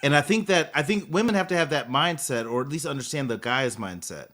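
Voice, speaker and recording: A man's voice: medium pitch, a little fast. A man co-hosting a podcast, chatting casually and acting out little scenes as he argues his point. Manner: animated, acts out little scenes. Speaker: podcast co-host. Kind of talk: casual chat.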